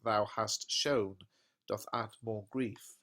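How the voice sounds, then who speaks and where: A male teacher reading out a lovesick, melodramatic young man in slow, dramatic verse recitation. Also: lowish voice, fairly even intonation, sharp tone. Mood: overwrought.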